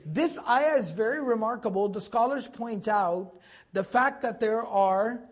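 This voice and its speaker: A man teaching a Quran commentary lesson to a class, animated and joking with his students, repeating words for emphasis. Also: sits high, unhurried.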